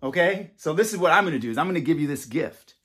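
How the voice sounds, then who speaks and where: Husky man teaching slowly. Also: fairly high pitch, expressive, a bit bright. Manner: slow, repetitive, coaxing, talks to children as a class. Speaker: self-styled educator and founder. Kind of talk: slow teacher talk aimed at kindergartners.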